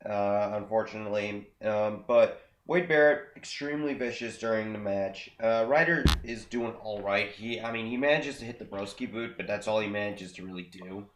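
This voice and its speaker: A young man co-hosting a casual podcast, recapping with frequent fillers and halting restarts. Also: lowish voice, slight background noise. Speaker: podcast co-host. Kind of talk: casual chat recapping wrestling. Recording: echoey room.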